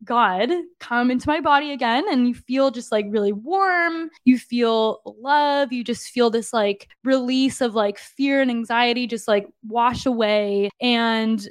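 A young woman with a slightly high voice tells her story in an earnest, confiding way, filling her talk with "like" and talking right to her listeners. The recording is close and dry, with no room sound. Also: a little slow, hardly any pauses, clear, resonant tone, no echo. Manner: earnest and confiding, frequent "like", addresses listeners as "you guys". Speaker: podcast host and fitness coach. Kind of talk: personal testimony monologue.

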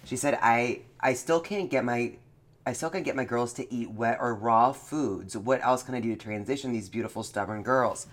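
Casting: playful podcast co-host, animated and teasing. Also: medium pitch, moderate pace. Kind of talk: casual chat.

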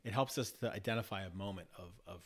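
A podcast guest with a fairly low, quick-paced voice talks reflectively in a casual conversation. He often restarts and repeats words while working through his ideas.

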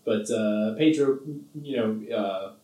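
Man with a lowish voice, casual rambling podcast chat, roomy sound, set back from the mic. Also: takes it slowly, mellow, recorded from a distance. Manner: rambling, laughs often, filler-heavy. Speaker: podcast co-host. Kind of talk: casual chat about a film.

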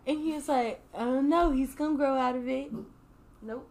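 A woman's voice: high-pitched, fairly even intonation, moderate pace, a little hiss or hum. A woman co-hosting a comedy podcast, playfully retelling a movie and acting out the characters' lines. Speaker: podcast co-host. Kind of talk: casual stoner movie recap.

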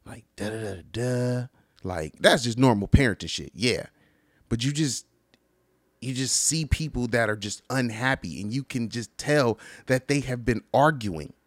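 A man in a casual vlog rant, his pitch leaping around as he mimics the people he quotes. The delivery is loose and profane. The sound is dry and close, with no room around it. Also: normal speed, no room sound. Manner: animated, profane, acts out quoted people with big pitch jumps. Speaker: vlogger.

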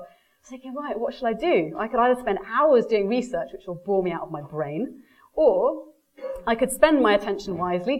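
A woman's voice: medium pitch, low-quality recording. A woman giving a live marketing presentation. She tells personal stories with energy and acts out the people she quotes, addressing the audience directly. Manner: lively storyteller, quotes people in animated voices. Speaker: speaker giving a marketing talk.

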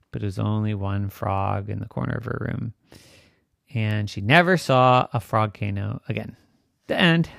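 A parent telling an improvised bedtime story in a playful, animated way, with sound effects and hushed asides. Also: mid-range voice, a little slow, vocal fry, clean tone, no room sound, clean studio sound.

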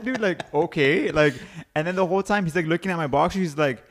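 A man telling a story in casual, profane chat, talking fast and sometimes mimicking a friend in a high voice. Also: lively intonation. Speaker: podcast guest.

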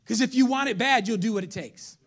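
With an extremely high voice and a fairly quick delivery, a middle-aged pastor preaches his sermon. He alternates between calling out loudly to the congregation and almost whispering, mixing in casual street slang.

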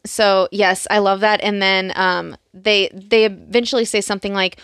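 A young woman co-hosting a podcast, chatting casually about a TV show and quoting lines with quick mimicry. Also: medium pitch, steady tone, fairly bright tone, clean tone, dry recording, studio quality. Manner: chatty, quotes lines in bursts of mimicry, many fillers. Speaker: podcast co-host.

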